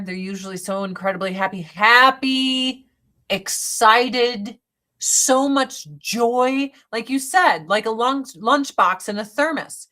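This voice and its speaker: A woman's voice: mid-range voice, fairly bright tone. A woman hosting a casual livestream, chatting bluntly and profanely while she does her makeup and answers viewer comments. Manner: blunt and profane, with frequent swearing. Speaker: livestream host.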